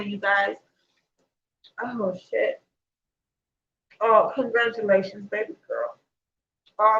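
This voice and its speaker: Bright, chatty woman livestreaming. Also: a little high, lo-fi sound, a little hiss or hum. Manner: chatty, talks straight to viewers, emotional and tearful when reading good news. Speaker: vlogger. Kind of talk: casual livestream chat.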